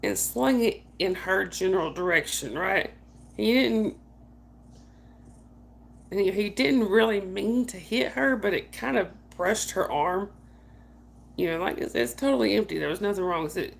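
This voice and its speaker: A woman's voice: mid-range voice, measured pace, gravelly. A woman hosting a night chat stream, casually telling family stories, laughing often and calling out to viewers by name. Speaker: livestream host.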